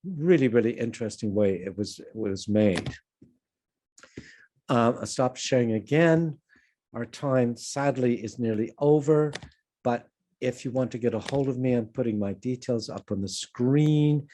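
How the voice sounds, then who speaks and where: An older man from Canada talks through a filmmaking lecture on a video call. His voice sits at an everyday middle pitch. He wanders from point to point and pokes fun at himself along the way. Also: measured pace, warm tone, a little hiss or hum. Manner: anecdotal, self-deprecating, digressive. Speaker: film producer and lecturer. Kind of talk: online conference talk.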